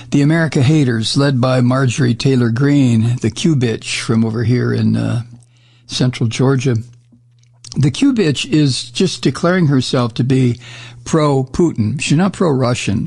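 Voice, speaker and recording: Older male talk-radio host, husky gravel, blunt sarcastic commentary. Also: mid-range voice, darkish tone. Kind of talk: political commentary monologue. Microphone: studio microphone.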